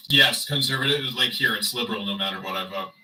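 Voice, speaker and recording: Guy streaming and chatting w viewers, sarcastic, rambly, sharp bright tone. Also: medium pitch, quick pace, far from the mic, poor audio. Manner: rambling, sarcastic, talks to chat. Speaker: livestreamer. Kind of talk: casual livestream chat.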